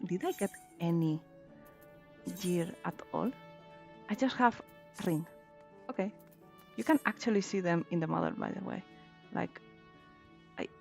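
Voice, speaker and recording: A woman's voice: mid-range voice, vocal fry. A woman streaming a game in casual commentary, chatty and giggly, thinking aloud as she plays.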